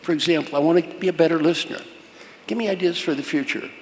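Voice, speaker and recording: Older guy coaching a big audience, higher voice, short punchy commands, echo of a big hall. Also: quick pace. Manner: punchy, repetitive instructions with rhetorical questions to the crowd. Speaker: leadership coach. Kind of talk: keynote talk to a live audience. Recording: long hall reverb, faint room noise.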